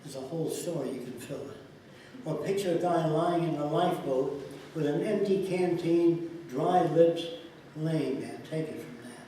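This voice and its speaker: An interviewee speaks unhurriedly in a fairly high, dark voice, working through anecdotes and acting out what the people in them said. The room is echoey and the mic distant, with faint ambience and slight background noise.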